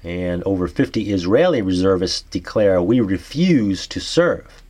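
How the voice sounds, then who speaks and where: A man with a New York accent and a lowish voice reads an article aloud, then muses on it haltingly. His intonation is lively, and he keeps restarting sentences and trailing off into fillers.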